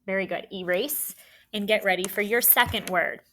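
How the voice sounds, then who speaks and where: A woman's voice: mid-range voice, normal speed, a bit bright, a little hiss or hum. A woman teaching a phonics lesson, patiently dictating words and sounds and encouraging young students.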